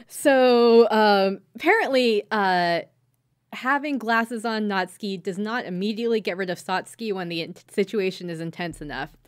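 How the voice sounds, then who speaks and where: A woman's voice: medium pitch, moderate pace. A woman hosting a podcast, loosely recapping an anime episode, swearing freely and laughing between sentences. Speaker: podcast host. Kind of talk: casual anime recap chat.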